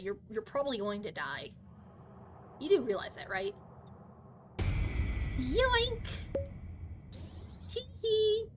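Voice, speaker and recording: A woman's voice: on the high side, fairly bright tone. A woman streaming a game live, commenting playfully, teasing other players and swearing freely.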